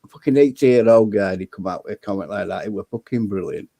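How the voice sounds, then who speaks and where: A man's voice: on the low side, fast, vocal fry, mellow, no room sound. A man, bluntly telling stories and swearing freely in casual chat. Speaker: debate show guest.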